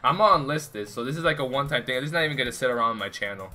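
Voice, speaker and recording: Young dude streaming a game, bright voice, cussing a lot, confused rambling. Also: male voice, medium pitch, racing, faint music behind. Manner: profane, exasperated, rambling; talks to chat and friends. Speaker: gaming streamer. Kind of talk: casual live-stream commentary.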